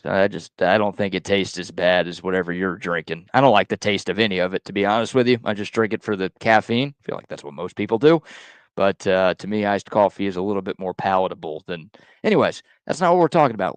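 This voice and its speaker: A man hosting a sports talk show, telling stories in a joking, quick way and reading live ads. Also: low voice, smooth, no room sound.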